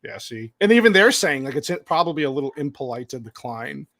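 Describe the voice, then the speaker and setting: A man's voice: mid-range voice, fairly quick, gravelly, no room sound. A man hosting a casual movie discussion, laughing often and acting out characters' lines. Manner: animated, laughs a lot, acts out characters' lines. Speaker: podcast host.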